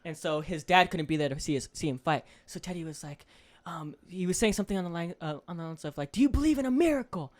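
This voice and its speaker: Animated, profane young podcast co-host. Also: male voice, a little high, quick pace. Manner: animated, swears freely, acts out coaches' speeches in a loud voice. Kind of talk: casual podcast chat.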